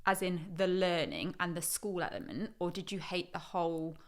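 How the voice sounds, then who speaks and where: A woman's voice: fairly low pitch, expressive, normal speed. A woman co-hosting a podcast, prompting her partner's story with short, supportive questions. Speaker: podcast co-host. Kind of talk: conversational interview.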